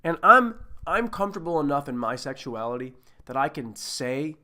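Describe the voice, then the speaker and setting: A man's voice: on the high side, sing-song, normal speed, bright, forceful tone. A man hosting a podcast, reviewing a movie in a loose, rambling, jokey way with plenty of swearing. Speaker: podcast host. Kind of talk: casual movie-review chat.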